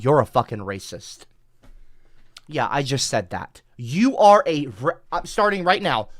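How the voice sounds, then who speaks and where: Brief: a livestreamer venting at chat. He is exasperated and lurches from mutters to yells, with a lively, bright pitch and a dry close sound. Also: no echo. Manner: exasperated, swings from mumbling to shouting. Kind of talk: livestream rant. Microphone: headset.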